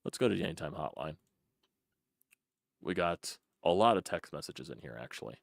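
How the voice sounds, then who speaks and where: A man's voice: low-pitched, expressive, normal speed, vocal fry, no echo, clean studio sound. A man hosting a casual fan call-in sports show, frustrated and profane, repeating himself as he talks. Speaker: sports podcast host.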